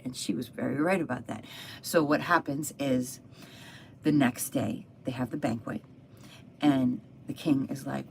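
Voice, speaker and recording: A woman on a live stream retelling a Bible story in an animated, chatty way with frequent asides to her listeners. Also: extremely low pitch, normal speed, vocal fry, a little hiss or hum. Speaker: Bible teacher.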